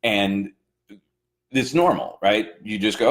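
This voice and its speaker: A man co-hosting a casual motivational chat as a coach, talking with rising emphasis. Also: moderate pace. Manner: animated, builds emphasis with rising pitch. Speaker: co-host, coach.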